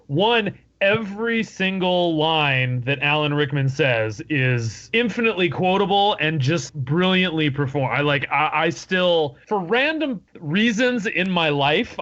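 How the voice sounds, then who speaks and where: Male co-host, bright tone, excitable, laughs a lot, muffled audio. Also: on the high side. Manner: enthusiastic, laughs often, quotes lines. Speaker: podcast co-host. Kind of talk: casual podcast discussion.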